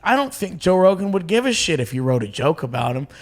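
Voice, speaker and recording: A man who is a stand-up comedian, chatting as a podcast guest, telling animated, profane stories and acting out what people said. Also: sits high, quick pace. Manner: animated storyteller, profane, acts out quotes. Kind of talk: casual podcast chat.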